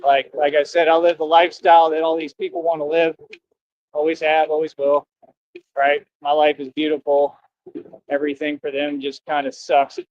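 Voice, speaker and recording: Slangy, confrontational male streamer, fairly high voice, rambling outdoors near traffic; lo-fi stream sound. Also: monotone, moderate pace. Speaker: costumed livestreamer. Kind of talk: casual rambling livestream talk. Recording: dull lo-fi stream audio.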